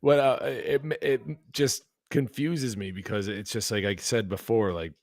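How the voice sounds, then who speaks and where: Low-voiced guy hosting, stumbles for words, laughs a lot, dry sound. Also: a little slow, no room sound. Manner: hesitant, laughing easily, searching for words. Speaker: host. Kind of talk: casual conversation.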